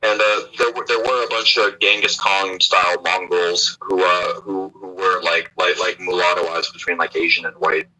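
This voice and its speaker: A man's voice: deep voice, fairly even intonation, normal speed, hardly any pauses, sharp tone, low-quality recording. A man co-hosting a livestream, rambling in crude casual banter with frequent restarts and repeated words. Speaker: livestream co-host.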